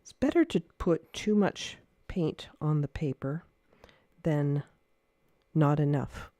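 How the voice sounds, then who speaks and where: Mellow-voiced woman teaching watercolor. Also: low-pitched, expressive, slow pace, dry recording. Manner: chatty, thinking aloud, hesitant with many fillers; gentle, encouraging teacher. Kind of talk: casual painting demonstration livestream.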